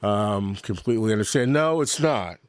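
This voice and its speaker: Middle-aged male podcast host, lowish voice, dry close sound, rambling and unfiltered, talks straight to his live chat. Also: expressive, moderate pace, no echo. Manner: rambling, candid, swears freely; reads and answers live chat. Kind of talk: casual livestream chat. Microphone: desk mic with camera.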